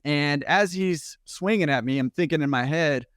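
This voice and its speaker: A man's voice: a little high, dry recording. Man telling a wild story, dry sound. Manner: animated, quick, laughing at his own story. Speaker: podcast guest. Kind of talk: casual storytelling.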